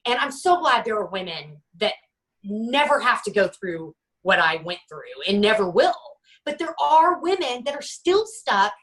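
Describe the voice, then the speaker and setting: A woman in her forties, a guest author telling her personal story in an interview, halting and restarting often, acting out what others said. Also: medium pitch, low-quality recording. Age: 40s. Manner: halting, many restarts, lively quoting of others.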